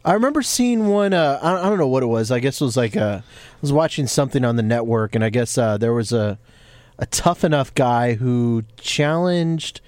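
A man's voice: mid-range voice, moderate pace, dry recording. A man co-hosting a casual chat, sarcastic, swearing and joking. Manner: sarcastic, swears, lively jokes. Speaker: podcast co-host.

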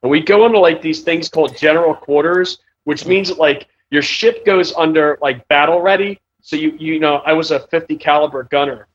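A man's voice: fairly high pitch, fairly quick, hardly any pauses, dull audio, slight background noise. A man telling a story in casual chat, rambling, swearing often and laughing as he talks.

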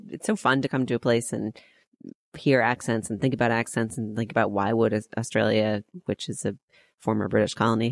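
Woman, very low voice, animated and self-deprecating, podcast co-host, dry sound. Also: dry recording.

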